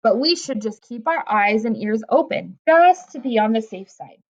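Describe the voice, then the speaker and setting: A woman voicing a brisk, sensible young girl in a storybook reading, on a dull lo-fi recording. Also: fairly high pitch, lively intonation. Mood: cautious.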